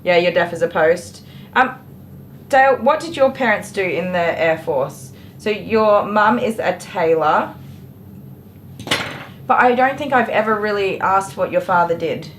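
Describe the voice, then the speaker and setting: A woman's voice: medium pitch, animated, a little slow, slight background noise. A woman who is a dog groomer, chatting casually on a livestream while she works and answering viewers by name. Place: grooming salon, indoors.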